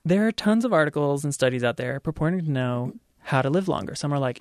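Low-pitched woman reading fun facts on a podcast, playful, dry close sound. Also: lively intonation, quick pace, darkish tone, no echo. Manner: playful, laughs often, tells facts like a story. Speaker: podcast host.

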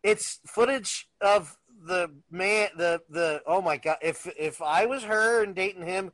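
A man's voice: sits high, a little slow, fairly bright tone, no echo. A man co-hosting a podcast, telling rambling, laughing anecdotes in casual chat. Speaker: podcast co-host.

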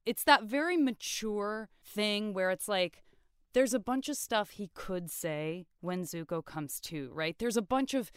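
A young woman co-host in casual chat, effusive and easily moved. Her voice is smooth and resonant, recorded dry with no room sound. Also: medium pitch, lively intonation, a little slow, no echo. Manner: effusive, openly emotional. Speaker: podcast co-host.

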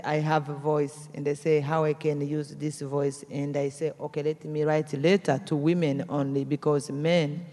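A woman tells her own story to an audience, her voice mellow and dark. Her is plain and simple, and she keeps replaying the conversations she had. The sound carries a long hall reverb. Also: low voice. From Democratic Republic of the Congo. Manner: simple non-native English, retells conversations. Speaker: activist speaker.

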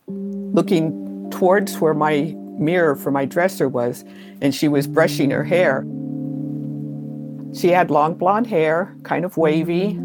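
A middle-aged woman being interviewed, recounting her childhood memories in a measured way that slows down at the key moments. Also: low voice. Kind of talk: storytelling interview.

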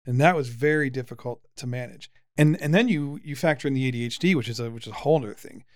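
A middle-pitched man in his forties talks in a relaxed podcast chat. He is lively and teasing, with plenty of stops and restarts. The sound is dry and close to the mic. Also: fast talker, dry recording. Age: 40s. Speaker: podcast host, father. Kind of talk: casual conversational podcast.

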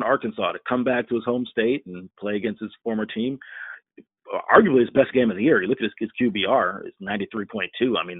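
A man from Florida talks football fast and chattily, with a lowish voice and plenty of "you know"s. His audio is thin and phone-like. The sound is dry, with no room around it. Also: husky, no echo. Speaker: podcast co-host. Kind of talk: casual sports podcast chat.

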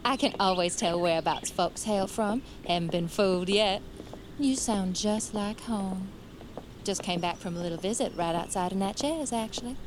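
A woman's voice: mid-range voice, moderate pace, noisy background, lightly acted. A woman playing a chatty Southern lady guest with a Southern US accent, gushing and drawling in an audio drama.

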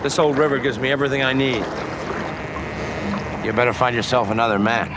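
An actor with an American accent playing a gruff, world-weary tough-guy ex-politician in a comedy film. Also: medium pitch, fairly quick, close to an everyday voice. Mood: weary refusal. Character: weary tough-guy ex-politician who quit for a quiet river life. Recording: film soundtrack with loud wind and water noise.

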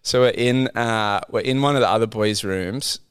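Australian man, 30s, podcast guest, lively storytelling, dry close sound. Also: lowish voice, moderate pace, clean tone, dry recording. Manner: animated anecdote-telling, acting out others' lines. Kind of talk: casual storytelling chat.

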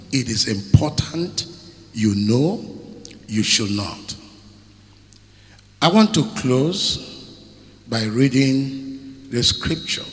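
A man's voice: mid-range voice, sing-song, slow, pauses often. A man preaching a sermon as a pastor, emphatic, asking rhetorical questions and repeating phrases. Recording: echoey hall with long reverb.

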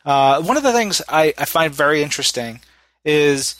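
A man's voice: on the high side, normal speed, dry recording. Chatty male podcast host, dry sound. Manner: relaxed, chatty, many fillers. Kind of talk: casual chat, reading listener messages.

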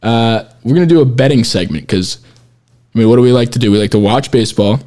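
A man hosting a loose, casual podcast, steering the talk between his friends. He rambles, circles back on his own sentences and keeps breaking into laughs. His voice sits at an ordinary middle pitch. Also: quick pace, dark tone. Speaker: podcast host. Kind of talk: casual chat.

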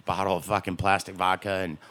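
A man's voice: low-pitched, little pitch movement, fairly quick, sharp tone. A young man from Alabama, telling a crude, profane story and laughing his way through it.

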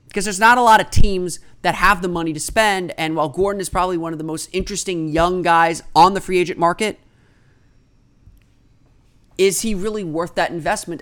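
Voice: mid-range voice, a bit bright. Solo basketball analyst explaining trades. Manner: explanatory, thinking aloud, stresses opinions firmly. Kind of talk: solo sports commentary.

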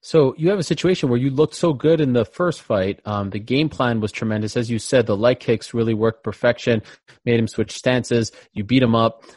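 A male interviewer asks earnest, probing questions in a mid-pitched voice. He stops to correct himself when needed. The sound is dry and close, with no room echo. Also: normal speed, darkish tone.

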